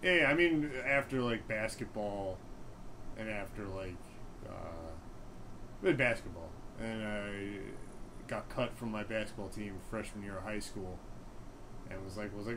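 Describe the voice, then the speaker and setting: A man's voice: fairly low pitch, measured pace, noisy background. A young man in his twenties, a stand-up comic being interviewed, who talks in a rambling, self-deprecating way full of fillers. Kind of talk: casual interview chat.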